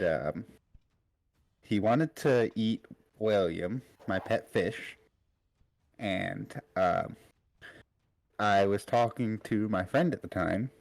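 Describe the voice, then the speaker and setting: A man's voice: fairly low pitch, vocal fry, darkish tone. A man playing a tabletop game in character, explaining himself earnestly and naively. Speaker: player. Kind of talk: casual in-character role-play.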